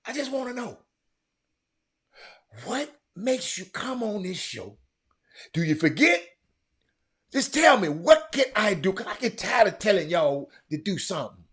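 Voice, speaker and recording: A man hosting a livestream, stammering and repeating himself, muttering low one moment and shouting the next. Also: very animated, measured pace, breathy edge. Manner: repetitive, stammering, talks straight to viewers; swings from quiet muttering to loud shouting. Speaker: livestream host. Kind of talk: casual livestream chat.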